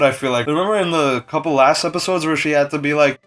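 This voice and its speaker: A young man casually reviewing a TV episode with strong opinions, breaking into quick impressions of the characters. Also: fairly high pitch, faint music behind. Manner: chatty, opinionated, animated impressions. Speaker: TV show reviewer.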